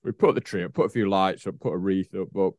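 A man's voice: low voice, fast, a little mellow, dry recording, studio quality. A man, co-hosting a podcast in casual, rambling chat and laughing often. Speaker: podcast co-host.

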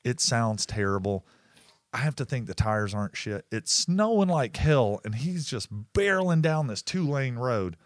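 A man's voice: medium pitch, very animated, moderate pace, no room sound, studio quality. A man co-hosting a podcast, telling a long story in casual chat, swearing often and laughing mid-sentence. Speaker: podcast co-host.

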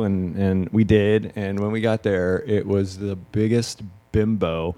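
A man hosting a casual comedy podcast in a club green room, telling stories with a laugh and quick asides. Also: fairly low pitch, fairly even intonation, dark tone. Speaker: podcast host.

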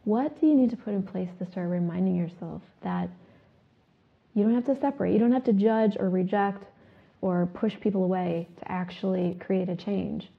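A woman hosting a self-help talk show, asking her listeners questions and reciting a repeated clearing statement. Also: mid-range voice, normal speed. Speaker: host. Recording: phone-like narrow sound.

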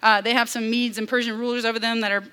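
Young Southern woman preacher, high bright voice, lively sermon delivery with playful asides. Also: fast talker. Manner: animated, acts out quoted voices, casual asides.

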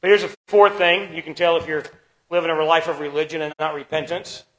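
A man preaching a sermon as pastor, swinging between loud emphatic lines and quiet ones, slowing down to stress key words. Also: fairly high pitch, flat delivery, rough recording. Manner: preaching with dramatic shifts in loudness and pace.

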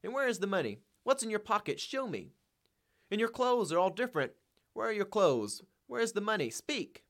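Man putting on a shrill, frantic feverish woman. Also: very animated, moderate pace, fairly bright tone, full character voice. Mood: frenzied. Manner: shrill, frenzied accusing. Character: frantic, feverish woman screaming at her husband.

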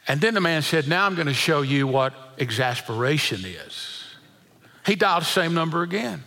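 High bright-voiced preacher guy, middle-aged, folksy, stumbles over words a lot. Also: lively intonation, normal speed, vocal fry. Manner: folksy storytelling with chuckles and repeated words. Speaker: pastor. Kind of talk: sermon.

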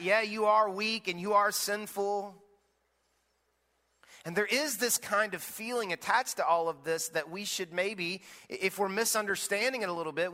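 A man in his thirties preaching a sermon, his bright, forceful voice sitting a little high for a man. He tells his points like stories, circling back and restarting phrases as he goes. The sound rings with the long reverb of a large church hall. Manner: conversational storytelling preacher with restarts. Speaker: pastor. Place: church auditorium.

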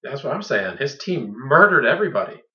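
A man's voice: mid-range voice, very animated, a little fast, bright, forceful tone, distant mic. A man co-hosting a podcast, chatting casually about fantasy football, playful and laughing often. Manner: playful, laughs often, puts on mocking voices. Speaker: podcast co-host. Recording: dull lo-fi sound, a bit off-mic.

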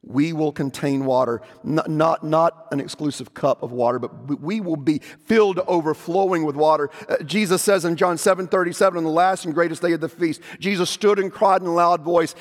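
A man preaching a sermon from the pulpit, emphatic, rising to loud proclamation when he quotes scripture. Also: fairly high pitch, a little fast. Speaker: pastor. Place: church sanctuary. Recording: long church reverb.

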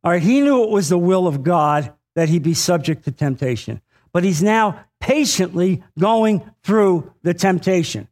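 High-voiced earnest male preacher. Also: expressive, moderate pace, a little mellow. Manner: earnest, repeats phrases for emphasis, frequent "uh" fillers; addresses the congregation directly, asks for an amen. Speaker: pastor. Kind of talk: sermon.

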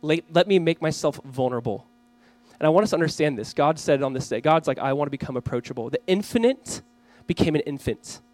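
A man in his thirties preaching a Christmas Eve sermon, earnest, reading scripture slowly and acting out family scenes. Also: fairly high pitch, animated, a little mellow, dry recording, rough recording. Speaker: pastor.

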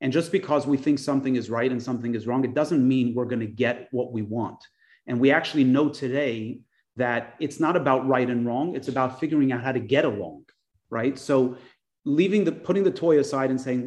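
A man's voice: medium pitch, fairly quick, darkish tone. A man teaching a parenting class, speaking earnestly and often restarting his phrases.

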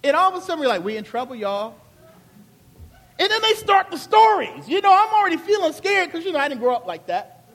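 A high-voiced pastor from Charleston, South Carolina, preaches a sermon with a Southern accent, telling it like an animated, colloquial story. He talks at a quick pace, and the sound carries the feel of a large hall.

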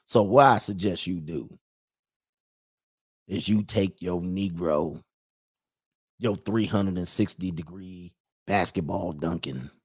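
A man's voice: sits low, slow pace, long pauses, slightly rough, pitched below the performer's own voice, heavily acted. Man putting on a drawling Mississippi sheriff. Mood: menacing. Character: menacing older male Mississippi sheriff, drawling.

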